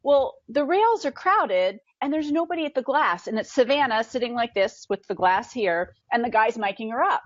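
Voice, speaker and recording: Animated woman telling a story. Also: moderate pace, hardly any pauses, no echo, muffled recording. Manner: excitable, acts out quotes with big pitch jumps. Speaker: podcast guest.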